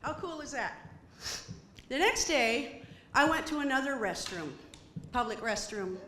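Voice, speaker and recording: A middle-aged woman performing a stand-up comedy set, animated and acting out quoted voices. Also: high-pitched, measured pace, echoey room, slight background noise. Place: comedy stage before an audience.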